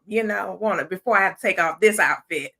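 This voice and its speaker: A woman's voice: medium pitch, fast talker, pushed and bright, husky. A woman in her forties from Detroit, a talk show guest who banters sassily with plenty of slang. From Detroit, Michigan. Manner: sassy, playful banter with slang, laughs easily. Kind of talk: casual faith talk show chat.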